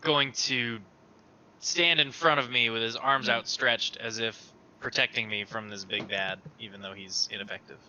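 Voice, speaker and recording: A man playing in a tabletop game, chiming in with quick, rules-savvy remarks over an online call. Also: mid-range voice, steady tone, sharp tone, a little hiss or hum. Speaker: player. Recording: dull lo-fi call audio.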